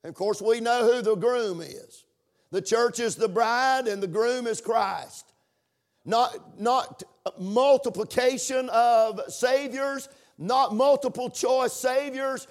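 High-voiced man preaching in a sing-song chant. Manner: chanting, sing-song preaching cadence with call-and-response amens. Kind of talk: sermon.

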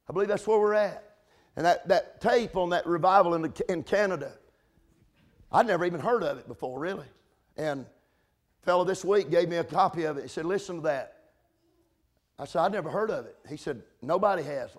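Male preacher with a high voice, fervent and repetitive, speaks to his congregation. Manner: impassioned, building to shouted climaxes; repetitive, with restarts and asides to congregants by name. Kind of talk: sermon.

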